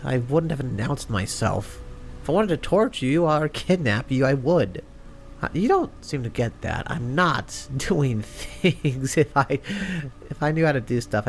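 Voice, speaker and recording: A man voicing a calm, taunting male animatronic villain in a fan animation, speaking coolly and unhurriedly. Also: mid-range voice, vocal fry, slight background noise. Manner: cool, mocking, unhurried.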